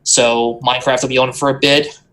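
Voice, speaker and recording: A man playing in a live tabletop stream, chatting casually and joking around in a relaxed way. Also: medium pitch, fairly quick. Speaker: player.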